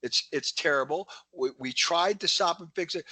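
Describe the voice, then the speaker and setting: Bright energetic man telling stories. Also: on the high side, moderate pace, breathy edge, dry recording. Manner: energetic storytelling with quoted dialogue. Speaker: keynote speaker. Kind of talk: webinar presentation.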